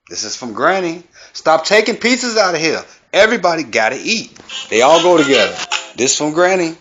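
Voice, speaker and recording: A man's voice: on the high side, fairly bright tone, voice pushed up, heavily acted. A man putting on a bossy old granny. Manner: bossy, scolding, drawn-out commands. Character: stern old grandmother guarding her kitchen. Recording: dull lo-fi sound.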